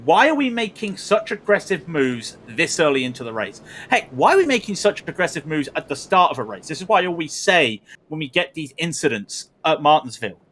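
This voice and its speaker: Male race commentator, high and lively, excitable and ranting. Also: brisk, hardly any pauses, a little hiss or hum. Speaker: sim racing commentator.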